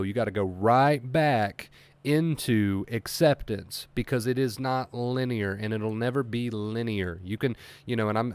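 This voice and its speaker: A man's voice: mid-range voice, dry recording. A man talking earnestly as an anxiety recovery coach on a livestream, emphatic and repeating his key points. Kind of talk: motivational livestream talk.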